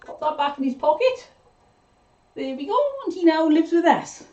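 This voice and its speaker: A woman's voice: high voice, expressive, normal speed, darkish tone, lo-fi sound. A British woman co-hosting a live show, fondly reading out viewer comments and showing gifts. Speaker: co-host of a live mudlarking show. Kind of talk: casual live-stream chat.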